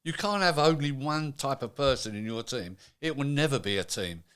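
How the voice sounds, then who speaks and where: This voice is a medium-pitched man's, animated, smooth, and fairly bright, at normal speed. He's an older retired manufacturing executive chatting as a guest in a casual interview and performing the lines people said to him.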